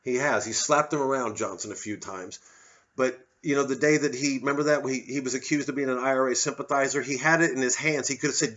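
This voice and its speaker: A man's voice: medium pitch, steady tone, fast talker, fairly bright tone. A man doing a profane, sardonic ranting monologue as a comedian. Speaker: comedian doing a solo show. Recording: slightly dull lo-fi audio.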